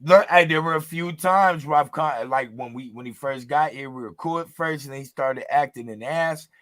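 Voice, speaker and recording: A man's voice: on the high side, moderate pace, fairly bright tone, dry recording. A man hosting a casual interview, joking around, laughing often and talking loosely with lots of fillers. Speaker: interview host. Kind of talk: casual chat.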